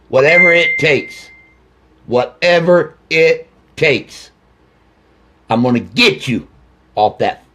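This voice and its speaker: A furious, grieving father rants into his own video camera. He hammers out accusations and curses, repeating lines again and again. His voice is gravelly with creak and sits somewhat high for a man. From Ohio. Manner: angry, accusing, repetitive, swearing. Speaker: grieving father addressing officials. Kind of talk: angry direct-to-camera video rant.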